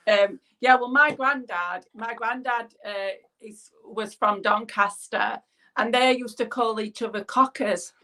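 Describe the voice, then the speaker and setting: A woman's voice: a little high, measured pace, bright, forceful tone. A woman from England speaks with a Yorkshire accent. She rambles chattily between makeup steps and often slips into a giggle. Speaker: guest. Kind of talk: casual chat while doing makeup.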